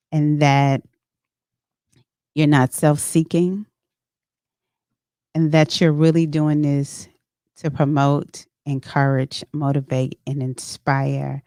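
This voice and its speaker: A woman's voice: sits low, a little mellow, no echo. A woman author being interviewed in a studio, speaking earnestly and pouring out heartfelt thanks, with frequent restarts. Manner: earnest and effusively grateful, with many restarts. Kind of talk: casual interview chat.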